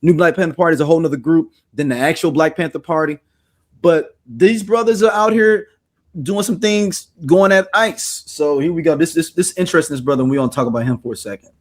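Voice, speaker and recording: Speaking quickly in a slightly high voice, this male podcast host keeps things loose, cracking jokes and telling lively stories in casual conversation.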